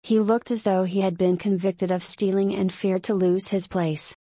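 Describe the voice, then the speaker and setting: A woman narrating a story as an audiobook in a measured storytelling way. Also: medium pitch, little pitch movement, mellow, no room sound.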